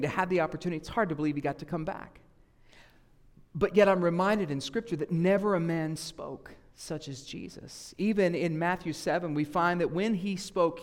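A man with a Southern US accent preaching a sermon as a guest preacher, conversational and animated, acting out voices he quotes. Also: on the high side. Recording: echoey hall reverb.

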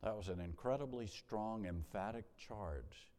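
Male pastor, lowish voice, sermon delivery that drops to a hush and climbs to emphasis, long church-hall reverb. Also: unhurried. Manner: storytelling, swings between soft hush and emphatic rises.

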